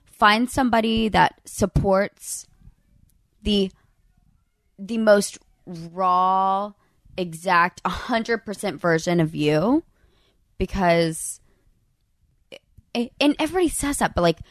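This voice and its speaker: A woman guest on a podcast, chatting casually, soft-spoken and hesitant with frequent laughs. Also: mid-range voice, slow, long pauses, no room sound, clean studio sound. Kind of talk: casual chat.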